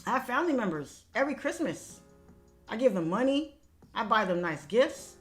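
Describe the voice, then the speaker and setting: A woman's voice: on the high side, very animated, normal speed, faint music behind. A young woman livestream host telling a personal family story in casual talk, candid and emphatic, swearing freely. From Haitian family background.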